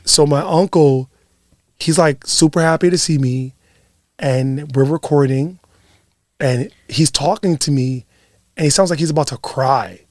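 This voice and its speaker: A man's voice: on the high side, measured pace, a little mellow, no echo, clean studio sound. A young man hosting a podcast, telling stories in casual chat with lots of laughter and swearing. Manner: profane, giggly storytelling. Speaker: podcast host.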